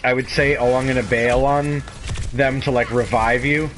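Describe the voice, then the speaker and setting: A man's voice: mid-range voice, fairly even intonation, moderate pace, a bit bright, slight background noise, low-quality recording. A young man streaming a game, chatting casually and laughing often. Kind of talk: casual gaming chat.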